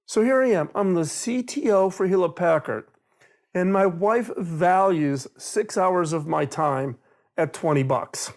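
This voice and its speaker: A middle-aged man giving an animated storytelling talk on innovation, acting out quoted dialogue. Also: high-pitched, measured pace. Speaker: speaker on innovation.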